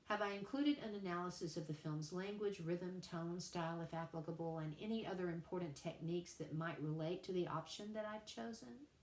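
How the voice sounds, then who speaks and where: A woman writing teacher giving a recorded lecture, deliberate and emphatic, repeating key points for her students. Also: fairly low pitch. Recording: echoey room.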